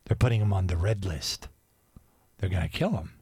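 A man's voice: low-pitched, normal speed, darkish tone, husky, no echo, clean studio sound. A man hosting a radio show, talking in a rambling, digressive casual monologue.

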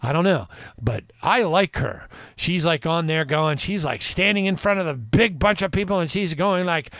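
A man's voice: a little high, moderate pace, no room sound. Podcast guy riffing on the news, laughing a lot, voice all over the place, dry sound. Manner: animated, digressive, laughs often. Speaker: podcast host. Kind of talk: casual news commentary.

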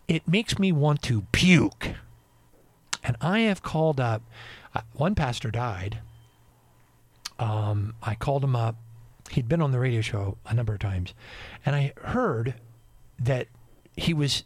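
A man hosting a radio show, ranting in an indignant monologue that swings between loud and quiet. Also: medium pitch, lively intonation, measured pace, pauses often, no room sound, clean studio sound.

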